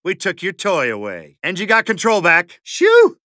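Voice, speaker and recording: A middle-aged actor voicing a sarcastic, profane mercenary in a zombie shooter game, firing off sardonic quips. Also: male voice, sits high, sing-song, moderate pace, pushed and bright, no echo, studio quality, full character voice. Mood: sarcastic, combat. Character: sarcastic, foul-mouthed male mercenary in a zombie fight. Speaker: video game character. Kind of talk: game voice lines.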